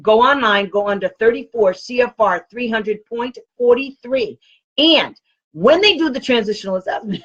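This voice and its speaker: A woman's voice: a little high, husky, dull audio. A woman talking directly to parents in a casual, rambling live stream, giving special education advice.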